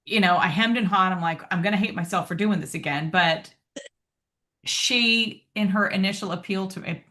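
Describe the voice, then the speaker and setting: A woman's voice: mid-range voice, moderate pace, sharp tone. A woman co-hosting a podcast, telling a story in a chatty way with plenty of ums and asides. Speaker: podcast co-host. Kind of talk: casual chat.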